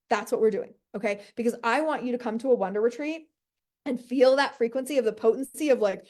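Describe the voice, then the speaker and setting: A woman with a slightly high voice delivers a brash, high-energy coaching monologue. She swears freely and keeps checking in with her listeners with "right?" and "okay?". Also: brisk, a little mellow. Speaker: business coach. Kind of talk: motivational monologue.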